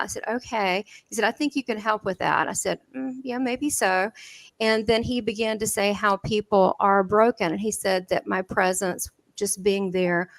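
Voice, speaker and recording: A woman with a Southern American drawl tells her stories in a lively, animated way, laughing often and acting out the dialogue. Her voice sits at a middling pitch, and the recording is dry and close with almost no room sound. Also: no room sound. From southern United States. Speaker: guest medium. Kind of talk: animated storytelling in an interview.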